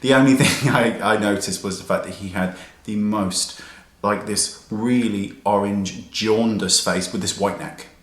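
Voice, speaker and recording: A man's voice: lowish voice, fairly even intonation, a little slow. A man, a makeup artist, telling a chatty, indignant story to his viewers in a casual vlog. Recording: echoey room with faint hiss.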